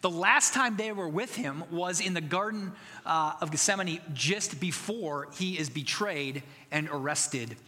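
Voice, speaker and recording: A man's voice: a little high, expressive, measured pace, bright, forceful tone, long reverb tail. A man preaching a sermon as pastor, earnest and conversational, building to emphatic passages.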